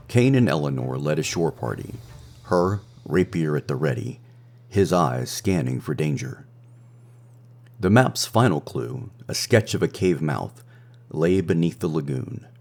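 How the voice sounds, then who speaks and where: Very deep, husky male storyteller. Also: darkish tone. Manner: measured, dramatic storytelling. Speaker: narrator. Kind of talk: scripted audiobook narration. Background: faint music.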